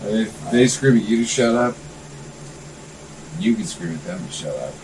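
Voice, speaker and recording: A man's voice: lowish voice, lively intonation, measured pace, noisy background. A man in a mid-range voice fires off profane quips and ribbing asides as he hosts. He sits back from the microphone, so he sounds a bit distant. An air-conditioner murmurs faintly behind him. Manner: joking, crude banter. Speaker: podcast host. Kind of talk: casual chat.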